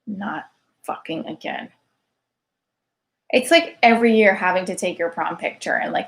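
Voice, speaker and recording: A woman in her thirties rambles through a comic monologue in a mid-pitched voice. She talks in a chatty, digressive way, stacks up fillers and lands sarcastic, self-mocking punchlines. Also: lively intonation, unhurried, gravelly, long pauses. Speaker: single mother comic.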